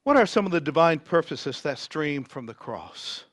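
A man preaching a sermon, reading scripture dramatically and swinging from loud emphasis to near whispers. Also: fairly high pitch, big pitch swings, moderate pace, no echo.

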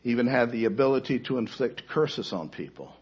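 A man preaching a sermon, telling a story dramatically, rising to loud cries and then falling to a near-hush. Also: mid-range voice, lively intonation, a little fast, slightly rough, dull audio.

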